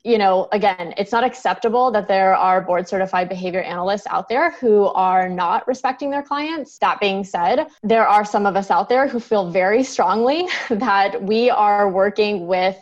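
A woman's voice: mid-range voice, normal speed, few pauses, lo-fi sound. A woman behavior analyst, a guest in an interview, explaining her work earnestly and laughing lightly now and then. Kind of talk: interview conversation.

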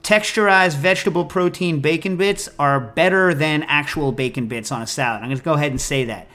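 A man hosting a podcast in casual chat, talking in an animated, rambling, jokey way. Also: on the high side, a little fast, few pauses. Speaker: podcast host.

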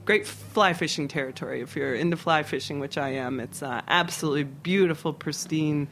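A middle-aged chef from Philadelphia, guesting on an interview show, talking casually and haltingly with many fillers and restarts. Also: male voice, fairly high pitch, fairly bright tone, slight background noise. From Philadelphia, USA.

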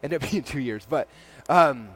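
A man giving a keynote talk to a live audience at his company's event. He tells stories, acts out the dialogue with lots of "I'm like" and "he's like", and fills pauses with "um" and "like". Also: medium pitch, lively intonation, a bit bright.

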